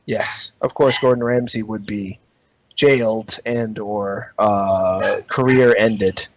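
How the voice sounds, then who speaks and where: A man's voice: on the low side, fairly even intonation, slow, dry recording. Man with a dry, wry delivery. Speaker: podcast co-host. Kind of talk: casual comedic chat.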